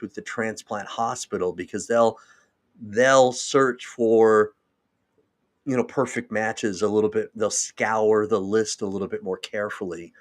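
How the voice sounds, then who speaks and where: Slow, long-winded man hosting a livestream. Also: fairly low pitch. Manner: long-winded, rambling and emotional. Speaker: host. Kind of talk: livestream talk.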